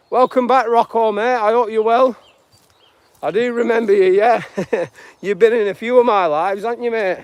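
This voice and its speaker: A man talks on a morning live stream while walking through open fields. His voice sits a bit high for a man and sounds dry and close to the phone. He drifts easily between greeting viewers and spiritual musings. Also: steady tone, normal speed, no room sound. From northwest England. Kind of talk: rambling live walk-and-talk.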